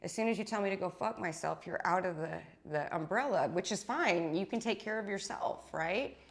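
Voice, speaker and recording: A woman's voice: mid-range voice, normal speed, vocal fry. A woman spiritual teacher giving an intense, blunt monologue to her followers, swearing freely and often tagging her points with a question.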